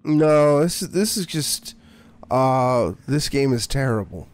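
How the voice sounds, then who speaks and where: A man's voice: medium pitch, lively intonation, takes it slowly. A man streaming a horror game, giving sarcastic, mock-scared commentary and swearing freely. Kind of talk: live gameplay commentary.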